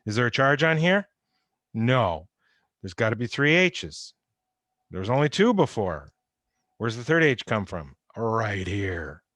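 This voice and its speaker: A man's voice: lowish voice, very animated, a little slow, pauses often, fairly bright tone, no room sound, clean studio sound. A man teaching an online chemistry lecture in a conversational way, repeating key points and stressing warnings. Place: home or office on a video call. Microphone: computer microphone.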